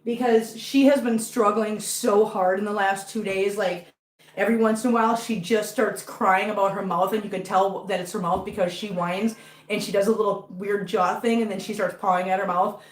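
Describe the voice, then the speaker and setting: A woman's voice: mid-range voice, steady tone, moderate pace, echoey room, poor audio. A woman chatting casually on a home livestream, talkative and emotional, fretting openly. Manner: chatty and emotional, anxious about her cat. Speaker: cat-owning live streamer. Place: home with many cats.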